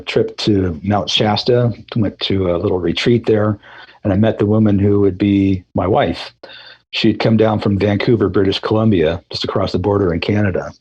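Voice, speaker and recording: A middle-aged man with a low, husky voice talks through his story in a relaxed interview. He rambles easily, circling back with fillers and restarts. He sounds like a musician guest reflecting on his path. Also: lo-fi sound. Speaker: guest musician, throat singer.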